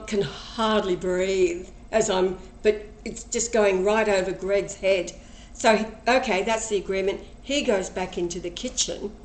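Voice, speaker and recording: A woman tells a personal story at a slow, deliberate pace, acting out each person's words as she goes. Her voice is emotional and earnest. The recording sounds roomy and echoey, with a faint hum of ambience behind her. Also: medium pitch. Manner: slow, emotional retelling with quoted dialogue.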